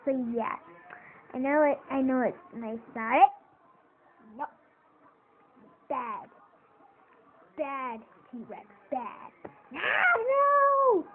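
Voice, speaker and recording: A woman talking casually and playfully, poking fun at herself while showing a homemade puppet. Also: high-pitched. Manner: playful, self-mocking. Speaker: puppet maker. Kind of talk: casual homemade craft video. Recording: tinny phone-like audio, faint noise.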